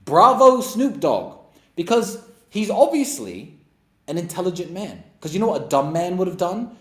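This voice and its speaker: Male host, blunt and sarcastic monologue, lively swinging pitch, roomy echo. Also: moderate pace. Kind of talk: opinionated monologue and Q&A.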